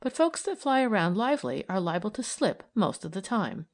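A woman's voice: mid-range voice, big pitch swings, moderate pace, a little mellow. A woman reading aloud and voicing an earnest, idealistic young woman who argues eagerly and persuasively.

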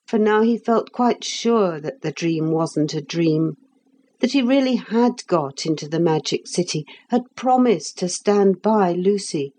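A woman narrating a children's storybook with a gentle, expressive reading. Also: fairly low pitch, slight background noise.

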